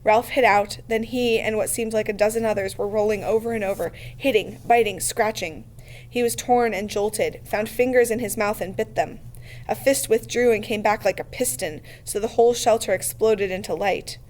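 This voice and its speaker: A woman reading a novel aloud in a steady, measured way. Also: medium pitch. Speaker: reader.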